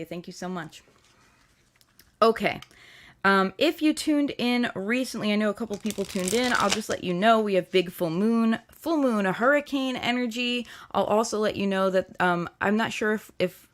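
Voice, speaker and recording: A young woman hosting a casual livestream tarot reading, chatty and playful, rambling with fillers and restarts. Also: mid-range voice.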